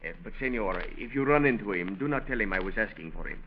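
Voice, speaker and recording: An actor playing a young undercover police detective in a 1930s radio drama, calm and sly, putting on a fake Spanish accent. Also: male voice, medium pitch, quick pace, a little hiss or hum, natural voice. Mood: disguised. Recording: dull lo-fi old radio recording.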